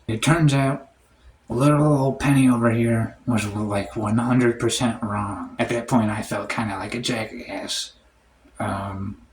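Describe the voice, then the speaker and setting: A man telling a comic story in a rambling, deadpan way, full of "like" and "um". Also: medium pitch, slight background noise. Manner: rambling, heavy on "like" and "um". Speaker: storytime comedian. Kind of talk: comedic storytime monologue.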